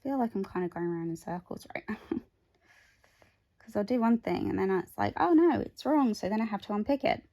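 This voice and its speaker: A woman's voice: medium pitch, fairly quick, pauses often, mellow. Woman nattering away while stitching, rambly and chatty, phone recording at home. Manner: rambling, chatty, with many asides. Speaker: craft vlogger. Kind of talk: casual chat while stitching.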